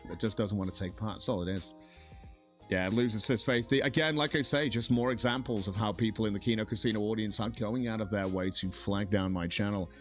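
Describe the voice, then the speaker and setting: Low-voiced man rambling on a livestream. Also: brisk, soft background music. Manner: rambling, repeats himself, complains about being targeted. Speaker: streamer in a played clip. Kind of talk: casual live-stream chat.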